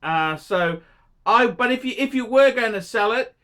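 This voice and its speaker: A man's voice: extremely high pitch, expressive, normal speed, bright, forceful tone. An Australian man giving a blunt, heavily profane watch review, scolding a viewer in an unscripted rant.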